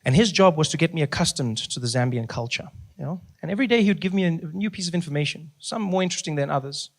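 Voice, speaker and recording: Chatty man on stage, slightly high voice, easygoing. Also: fast talker, gravelly. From South Africa. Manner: conversational, animated. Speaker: stand-up comedian. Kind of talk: stand-up storytelling.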